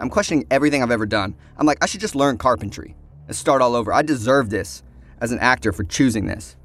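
Man telling a story, animated. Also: mid-range voice, fast. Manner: animated, acts out other people's lines. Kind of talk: casual storytelling.

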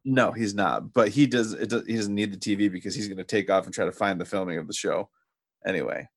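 A man hosting a casual podcast, retelling a show's plot step by step with halting restarts. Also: fairly low pitch, steady tone. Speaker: podcast host. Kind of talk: casual episode recap chat.

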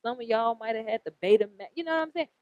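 A woman in her late thirties hosting a podcast, giving a casual tarot reading in a blunt, profane and animated way, often repeating herself. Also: a little high, fast talker, no echo. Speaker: podcast host. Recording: dull lo-fi recording.

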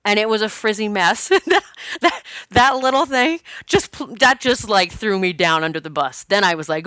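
A woman's voice: mid-range voice, expressive, normal speed, fairly bright tone, smooth, no room sound, studio quality. A woman talking to camera in a casual, confessional way, rambling and laughing as she goes. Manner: chatty, laughs often, rambling restarts. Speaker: spiritual vlogger.

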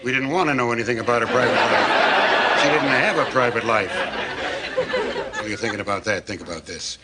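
An actor playing a stern, pompous older male librarian who speaks in a slow, solemn, menacing way, in a sitcom clip. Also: mid-range voice, a loud crowd, close to an everyday voice. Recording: TV sitcom clip with loud audience and noise.

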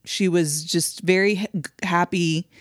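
A woman's voice: on the low side, fairly even intonation, measured pace, dry recording, clean studio sound. A tired woman, a podcast co-host and new mother, chats casually and adds short, hesitant comments. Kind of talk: casual chat.

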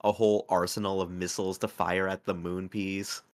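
A man hosting a casual anime podcast, talking in a laid-back, filler-heavy way and bursting into loud laughter. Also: low voice, level tone, fairly quick. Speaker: podcast host.

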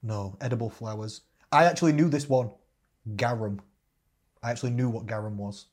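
A man's voice: medium pitch, fairly quick, darkish tone. A man co-hosting a casual chat, talking freely, laughing often and stumbling over words as he reads out a list.

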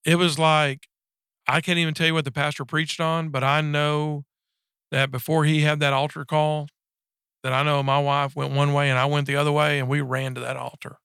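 A man in his forties giving a personal faith testimony in casual conversation, halting and earnest, with many restarts and fillers. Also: fairly high pitch, level tone, creaky, fairly bright tone, clear, resonant tone, dry recording, clean studio sound. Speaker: guest sharing a faith story.

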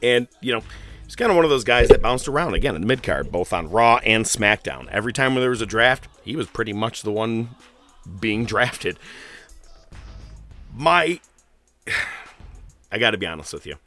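A man's voice: on the low side, big pitch swings, normal speed, pauses often, fairly bright tone, faint music behind. A man hosting a casual podcast, rambling and profane, with lots of fillers. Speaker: podcast host.

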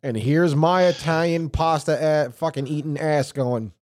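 A man's voice: a little high, unhurried, a little mellow. A man hosting an archery podcast, telling rambling, profane, jokey stories in casual chat. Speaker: podcast host.

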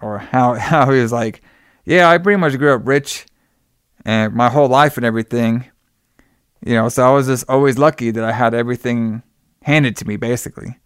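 A man's voice: mid-range voice, fairly even intonation, brisk, smooth, no room sound, studio quality. Rambling young man recapping a movie. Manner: rambling, heavy on "like" and "you know". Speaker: podcast co-host recapping a film. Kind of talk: casual chat.

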